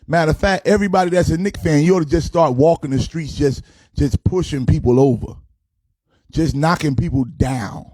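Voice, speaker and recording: A man's voice: on the high side, normal speed, warm tone, no echo. A man delivering a comic, sermon-style sports rant as a pastor, boastful and playful, with sing-song cadences.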